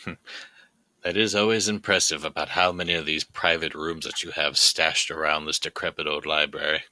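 A man's voice: very deep voice, steady tone, moderate pace, bright, forceful tone, no echo, exaggerated voice. A man playing a formal, wry adult male character in a tabletop game.

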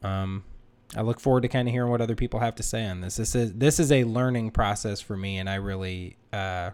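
Relaxed male host with a slightly low voice, casual at-home interview, pauses with fillers. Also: clear, resonant tone. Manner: relaxed, with frequent hesitant fillers. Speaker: podcast host. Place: home dining room.

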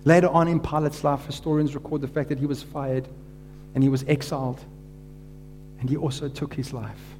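Mellow-voiced man preaching a dramatic retelling. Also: mid-range voice, little pitch movement, moderate pace, a little hiss or hum. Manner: dramatic retelling, voice rising and dropping to a hush for quoted words. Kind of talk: sermon storytelling.

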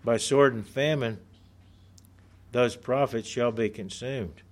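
A man preaching a sermon in a middle-pitched voice. He reads scripture passages and explains them earnestly, leaning on key words and slowing down for emphasis. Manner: earnest, emphatic, slows for stress.

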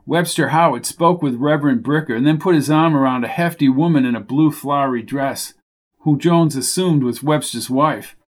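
A man's voice: on the high side, normal speed. Man narrating a mystery audiobook. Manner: steady storytelling.

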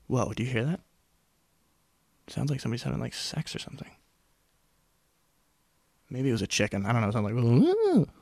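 A young man with a medium-pitched, creaky voice hosts a solo podcast right up on a studio mic, with no room sound. He wanders from point to point, making fun of himself, joking, and switching abruptly to whispers and funny voices.

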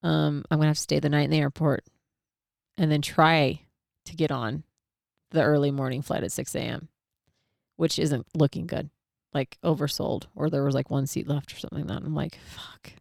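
A middle-aged woman casually telling a personal story, acting out her own thoughts in an animated way and swearing freely. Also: low voice, normal speed, creaky, no room sound, studio quality.

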